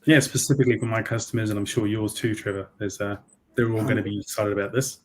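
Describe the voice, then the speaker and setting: A man's voice: on the low side, fairly even intonation, quick pace, a little hiss or hum. A man from New Zealand, a guest in a casual tech chat, talking in an easygoing way with fillers. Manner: easygoing, laughs easily, many fillers. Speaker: guest, solutions architect.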